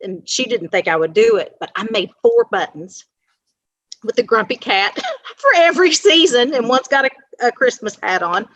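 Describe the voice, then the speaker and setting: A woman on the staff of a school, telling a story in a casual, lively way and acting out the people she quotes. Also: fairly high pitch, moderate pace, no room sound, lo-fi sound. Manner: animated anecdote with quoted dialogue.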